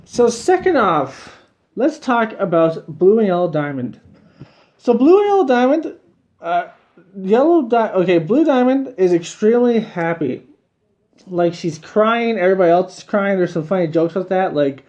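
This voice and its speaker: A man's voice: high-pitched, big pitch swings, moderate pace, darkish tone. A man giving a casual, rambling video review of a cartoon episode, repeating himself and chuckling between points.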